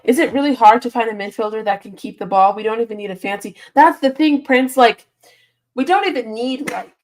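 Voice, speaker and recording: Reading her live chat aloud, a woman who runs a football channel answers comments with lots of laughter during a casual stream. It's early morning and she's sleepy, yawning as she goes. Her pitch is fairly high and her pace fairly quick.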